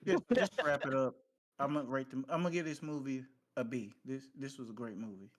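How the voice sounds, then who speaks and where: A man reviewing a film in a casual podcast chat, laid-back and measured. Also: mid-range voice. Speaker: podcast co-host.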